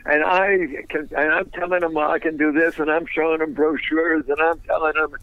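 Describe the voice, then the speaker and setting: A man telling a business story in a fast, animated, wisecracking way, laughing at his own punchlines. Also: on the high side, dry recording, phone-quality sound. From United States.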